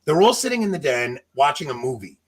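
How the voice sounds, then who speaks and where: Animated husky man telling a story. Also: on the high side, fast. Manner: animated, laughing, acts out quotes. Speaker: podcast co-host telling a story. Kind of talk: casual storytelling chat.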